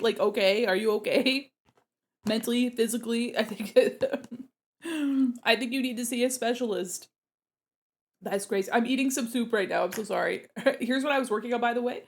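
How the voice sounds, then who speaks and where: Brief: chatty, giggly young woman streamer, slightly high voice, mic set away from her face. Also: moderate pace, pauses often, soft background music. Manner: giggly, chatty, talking with her mouth full. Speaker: art streamer. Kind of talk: casual stream chat.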